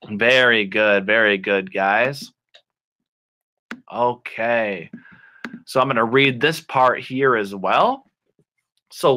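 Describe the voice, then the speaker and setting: A male ESL teacher with a mid-range voice reads a storybook to kids online. His delivery is slow, clear and full of animation as he acts out the words, keeping the lesson playful.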